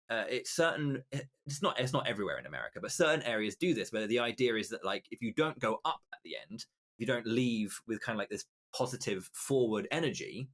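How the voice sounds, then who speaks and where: A man's voice: mid-range voice, a bit bright. A British man as a podcast guest, explaining his ideas in a casual chat and often restarting phrases as he thinks aloud. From Britain. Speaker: guest commentator.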